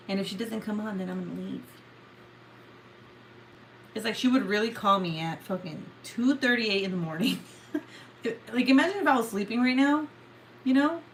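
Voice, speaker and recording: A woman's voice: mid-range voice, a little hiss or hum. A young woman from California who hosts a late-night livestream, chatting casually, sounding sleepy, swearing a lot and laughing often. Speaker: livestream host.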